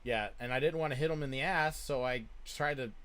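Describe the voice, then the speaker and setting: A man in his thirties, telling a story in casual chat, with frequent swearing and loud bursts of laughter. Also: medium pitch, a little fast, clean tone. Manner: swears a lot and laughs loudly. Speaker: streamer.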